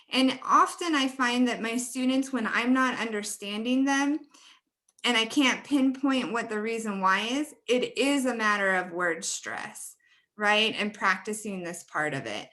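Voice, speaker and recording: Bright-voiced woman leading a webinar. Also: on the high side, lively intonation, unhurried. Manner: friendly, laughs often, demonstrates word stress. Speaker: teacher trainer. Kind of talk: webinar presentation.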